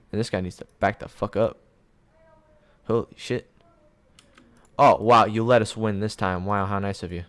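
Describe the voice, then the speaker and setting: A young man playing a strategy game at his computer, casually commenting as he swears at it, pleads with it and shouts when things go wrong. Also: medium pitch, takes it slowly, pauses often. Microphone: desk mic.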